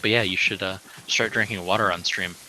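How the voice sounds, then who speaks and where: A man's voice: deep voice, steady tone, a little fast, sharp tone, slight background noise, rough recording. A man streaming a game live, rambling and teasing in casual chat, often restarting his sentences.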